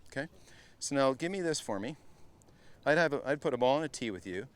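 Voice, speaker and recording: A middle-aged man coaching a group at a live golf clinic, chatty and energetic, often turning to the group as guys. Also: medium pitch, fairly quick. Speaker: golf instructor.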